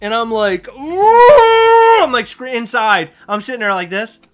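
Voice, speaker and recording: A man hosting a podcast, telling a story in a casual, animated way with sudden loud outbursts. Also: sits high, brisk, loud music behind the voice. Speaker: podcast host.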